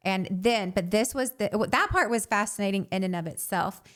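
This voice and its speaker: A woman in her thirties, a podcast co-host, telling a candid personal story in an animated way and saying "like" often. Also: medium pitch, fairly quick.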